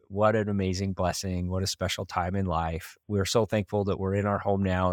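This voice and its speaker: A man from Idaho in his thirties, a podcast host telling a heartfelt personal story in an earnest, warm-hearted way. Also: deep voice, dry recording, clean studio sound. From Idaho, USA. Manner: earnest, heartfelt, with light laughs.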